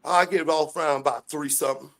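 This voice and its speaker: A man from the United States giving a fiery, profane rant in a street interview, often shouting. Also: a little high, steady tone, fast.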